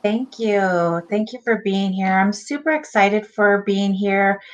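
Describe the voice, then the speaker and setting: A woman's voice: mid-range voice, a little slow, highs cut off. A woman hosting a community livestream, enthusiastically greeting viewers one by one by name. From Lakota and Taos Pueblo. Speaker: host. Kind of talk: welcoming a livestream audience.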